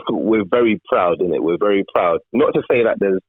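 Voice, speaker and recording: Deep-voiced man on a tinny call. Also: fairly quick, no room sound. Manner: repetitive, searching for words. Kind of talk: casual chat. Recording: tinny remote call line.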